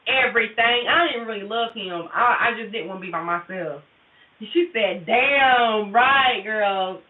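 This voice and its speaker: A woman's voice: mid-range voice, moderate pace. A woman livestreaming a tarot session, talking candidly and profanely straight to her viewers in casual chat. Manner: candid, profane, confessional, addresses viewers directly. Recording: tinny phone-like audio, roomy and distant.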